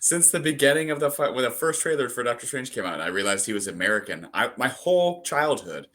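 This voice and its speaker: A man co-hosting a podcast, blunt and swearing freely, mixing short replies with quick rants. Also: mid-range voice, animated, a bit bright. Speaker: podcast co-host. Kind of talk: casual chat.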